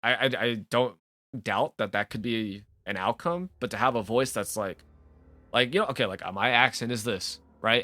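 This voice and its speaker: A man with a bright, forceful voice rants freely as a gaming video host, swearing and cutting himself off mid-thought. His talk rambles and doubles back as he works through his point. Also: mid-range voice. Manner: rambling, profane, frequent self-interruptions. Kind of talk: casual off-the-cuff rant to camera.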